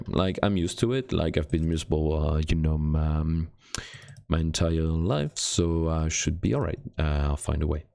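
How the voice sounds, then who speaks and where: A man streams live while building a game, chatting casually and poking fun at himself, his voice swinging from low mutters to excited squeals. The voice is gravelly.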